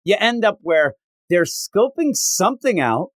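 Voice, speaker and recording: A man co-hosting a comics podcast in casual chat, animated and exasperated, slipping into mock voices when quoting characters. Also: sits high, unhurried, no room sound, clean studio sound. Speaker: podcast co-host reviewing comics.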